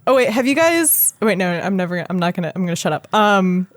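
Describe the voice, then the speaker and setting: A woman's voice: medium pitch, expressive, quick pace, no room sound. A woman co-hosting a casual podcast chat, laughing and rambling as she keeps breaking off her own sentences. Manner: laughing, rambling, self-interrupting. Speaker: podcast co-host.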